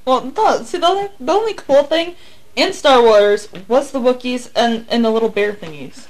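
A woman in her twenties with a higher, lively voice jokes bluntly on a casual podcast. Her pitch swings widely as she swears freely. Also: normal speed, low-quality recording. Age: 20s. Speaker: podcast co-host.

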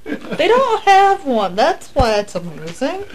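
A woman's voice: high voice, huge pitch swings, takes it slowly, noisy background. A woman in casual group chat on a podcast, blunt and dryly unimpressed. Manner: blunt, dry, easily unimpressed. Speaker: podcast co-host.

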